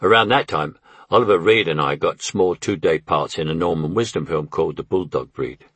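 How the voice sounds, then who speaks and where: A man's voice: low voice, fairly quick, a bit bright, slightly rough, dry recording. An older man narrating his memoir with wry, anecdotal storytelling.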